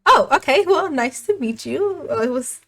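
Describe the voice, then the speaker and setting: A woman's voice: high-pitched, lively intonation, moderate pace, a bit bright, pitched above the performer's own voice. Easygoing teen boy, friendly and reassuring, voiced by a woman.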